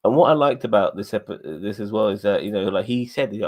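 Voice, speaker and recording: A man's voice: lowish voice, lively intonation. A man co-hosting a live review, talking emotionally and stumbling over restarts. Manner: emotional, halting with many restarts. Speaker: podcast co-host.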